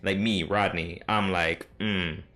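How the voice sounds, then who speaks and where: Deep-voiced man rambling through a game recap. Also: moderate pace, a bit bright. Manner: rambling and self-deprecating, many fillers and restarts. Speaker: dungeon master recapping his game. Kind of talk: casual solo recap talk. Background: faint synth music.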